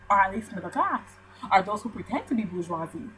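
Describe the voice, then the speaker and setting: A young woman from Barbados with a Barbadian accent, telling a story to camera in a casual vlog with animated, mock-outraged ranting. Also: mid-range voice, brisk, a little hiss or hum, poor audio. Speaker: vlogger.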